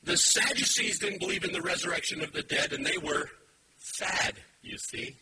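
A man preaching a sermon to a live congregation, animated and emphatic, cracking playful puns. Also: sits high, fairly quick, recorded from a distance, noisy background. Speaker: pastor.

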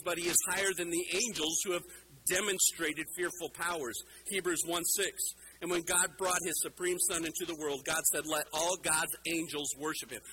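Man, middle-aged, sermon, emphatic, rhetorical questions, raised pitch, background noise. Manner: emphatic, rhetorical questions, shifts loud and soft. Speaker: pastor.

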